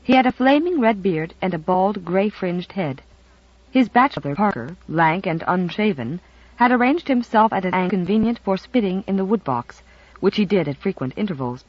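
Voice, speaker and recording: An audiobook narrator reading a novel with expressive storytelling. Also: medium pitch, normal speed, no room sound, dull audio.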